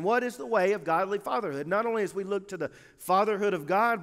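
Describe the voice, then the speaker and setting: A man preaching a sermon as pastor in a church sanctuary, emphatic, with measured pauses. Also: sits high. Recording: long hall reverb of a church sanctuary.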